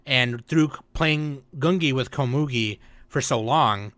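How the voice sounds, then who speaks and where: Male podcast co-host, bright edgy tone, dry close mic, lively storyteller who swears. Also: medium pitch, a little slow, no echo. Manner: animated storytelling, acts out quotes, swears. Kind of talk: casual chat.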